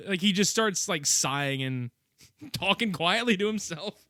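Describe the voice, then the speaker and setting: A bright-voiced man hosting a podcast, his pitch jumping all over as he tells the story. He swears freely and laughs often in loose, casual talk, recorded dry and close. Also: measured pace, no room sound. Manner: animated, profane, laughing often. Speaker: podcast host. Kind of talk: casual chat.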